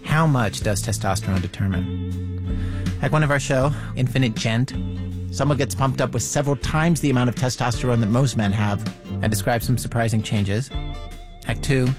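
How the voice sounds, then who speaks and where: A man hosting a radio show, narrating its opening in a conversational, wry way. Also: mid-range voice. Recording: music bed underneath.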